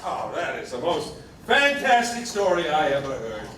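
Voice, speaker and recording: An actor playing a loud, mocking male juror who scoffs at others, in a 1950s film drama. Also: a little high, big pitch swings, moderate pace. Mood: scoffing. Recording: roomy film soundtrack, distant, clear hiss.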